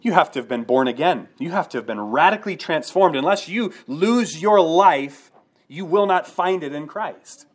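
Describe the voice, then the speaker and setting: A man's voice: a little high, expressive, normal speed. A man preaching a sermon to his congregation, earnest and direct, often checking in with rhetorical questions. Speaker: pastor.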